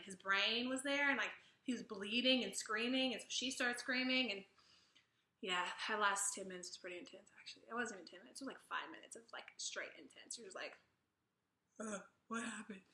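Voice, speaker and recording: A young woman vlogger casually recapping a show, chatty and profane, leaning hard on "like" as she talks. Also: fairly high pitch. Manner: chatty, profane, animated retelling with filler "like". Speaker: YouTube reaction vlogger. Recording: echoey room.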